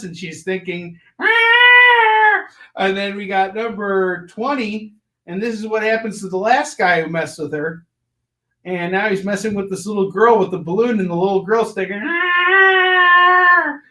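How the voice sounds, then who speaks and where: Animated, jokey male comic-shop host. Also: high voice, reverberant. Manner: animated and jokey, shouting silly sound effects. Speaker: host of a live comic shopping show. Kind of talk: live sales pitch, casual chat.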